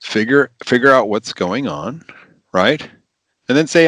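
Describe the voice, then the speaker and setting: A man, a physician, giving practical advice in an animated, emphatic podcast interview, repeating his key phrases. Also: medium pitch, normal speed, no echo.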